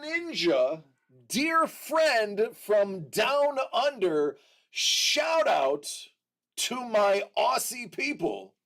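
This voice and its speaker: Slow, lively-pitched male stream host. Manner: unhurried, chatty, hesitant with many restarts. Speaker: livestream host. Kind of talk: casual livestream chat with viewers.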